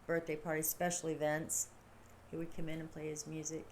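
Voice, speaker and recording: A woman's voice: sits low, monotone, fairly quick, a little hiss or hum. A middle-aged woman hosting a livestream, talking casually in a rambling, chatty way and laughing often. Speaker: livestream host. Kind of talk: casual chat.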